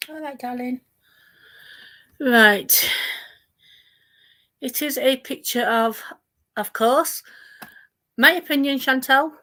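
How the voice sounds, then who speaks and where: A woman's voice: medium pitch, fairly bright tone. A woman hosting a reaction commentary video, mocking and taunting the people she talks about. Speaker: commentary channel host.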